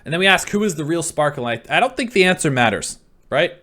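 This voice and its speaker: A man's voice: a little high, very animated, fast talker, sharp tone. A man reacting to game trailers, rambling and swearing as he theorizes. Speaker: reaction video host. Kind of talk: casual reaction commentary.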